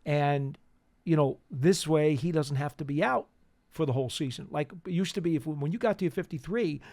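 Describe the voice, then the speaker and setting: A man's voice: fairly high pitch, a little mellow, dry recording. Man co-hosting with a dry close sound. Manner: conversational, agreeable, lots of quick affirmations. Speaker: co-host. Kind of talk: casual sports talk show. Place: studio.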